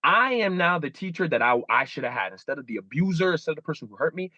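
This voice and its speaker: Guest, man in his 30s, candid and animated, higher voice, dry muffled recording. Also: quick pace, no room sound. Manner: animated, acts out inner dialogue with shifting pitch. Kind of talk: candid interview talk.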